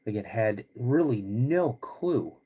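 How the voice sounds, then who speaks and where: A middle-aged man hosting a casual livestream, laid-back and rambling, clearing his throat often as he gets over a cold. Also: medium pitch, expressive, slow, warm tone. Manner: laid-back and rambling, greets chat viewers between stories. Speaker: podcast host.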